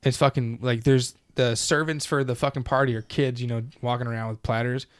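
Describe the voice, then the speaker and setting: Swearing animated podcast guy. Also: medium pitch, a little fast, clean tone, dry recording, clean studio sound. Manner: heavy swearing, animated, rambling. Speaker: podcast co-host. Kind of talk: casual podcast chat.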